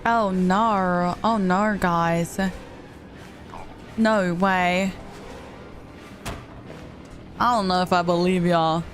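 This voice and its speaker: A woman's voice: fairly low pitch, fairly even intonation, very slow, long pauses. A young woman streaming a game, chatting casually and teasingly with her viewers and laughing often. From Spanish-speaking background. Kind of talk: casual live-stream chat. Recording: soft music playing behind.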